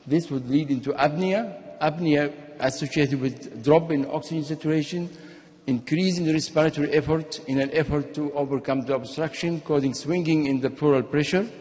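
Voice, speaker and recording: A man delivers a medical conference lecture in a fairly high voice. He explains things steadily and now and then restarts a phrase. His voice carries a long echo from the lecture hall. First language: Arabic. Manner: explanatory, steady, sometimes restarts and repeats words. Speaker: physician giving a conference talk.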